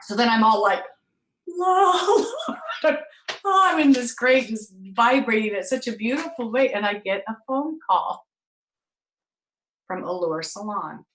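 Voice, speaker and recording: A woman's voice: medium pitch, moderate pace, a little hiss or hum. A woman host telling a personal story to an audience, acting out the voices of the people in it. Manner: animated, acts out voices in her story. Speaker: talk show host. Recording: echoey room.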